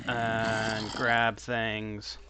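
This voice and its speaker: A man's voice: lowish voice, completely flat delivery, drawn-out words. A man in his thirties casually commenting on his own gameplay, chatty and laughing often. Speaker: streamer. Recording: noisy livestream audio.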